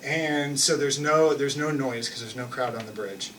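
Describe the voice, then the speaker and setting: A man's voice: medium pitch, moderate pace, fairly bright tone, far from the mic, slight background noise, rough recording. A young man telling a personal story on stage in a loose, self-mocking way, full of restarts and fillers. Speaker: live storyteller. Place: theater stage with an audience.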